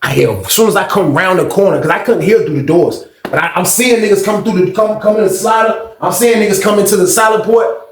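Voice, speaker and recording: A man spins a story in loose, profane slang, acting out everyone involved. His voice sits high for a man. The sound is roomy and echoey. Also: fast. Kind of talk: casual storytelling. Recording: roomy echo.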